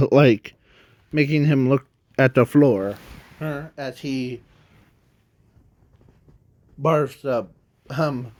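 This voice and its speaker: A man improvising a fan story in a rambling, halting way, often stopping to correct himself. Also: mid-range voice, a little mellow.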